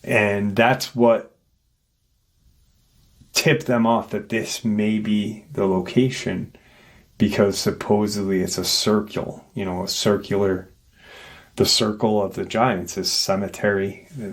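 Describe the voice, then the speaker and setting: A man hosting his channel, slowly retelling an eerie encounter in casual, rambling storytelling and acting out the voices he quotes. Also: fairly low pitch, little pitch movement.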